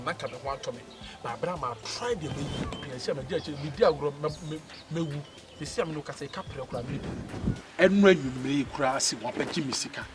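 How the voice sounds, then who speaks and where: A young man with a Ghanaian accent, acting a lovesick suitor who pleads and rambles excitably in a comedy film. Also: fairly high pitch, close to an everyday voice. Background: film music.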